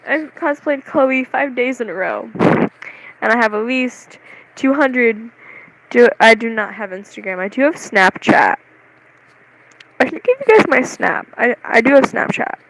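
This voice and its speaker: A young vlogger chatting casually to the camera, rambling and excitable, with lots of "like"s and giggles. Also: mid-range voice, measured pace, low-quality recording. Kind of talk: casual vlog chat.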